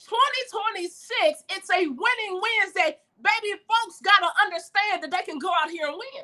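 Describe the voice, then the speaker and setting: A woman giving a preacherly motivational talk, calling listeners baby and swinging from shouts to hushed lines. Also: very high-pitched, moderate pace, few pauses. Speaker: motivational speaker.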